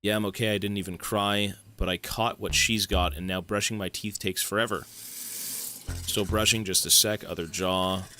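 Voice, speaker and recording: A man voicing a young boy who calmly describes teeth growing through his body, reading in a flat, matter-of-fact way. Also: on the low side, normal speed, slight background noise. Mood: eerie calm.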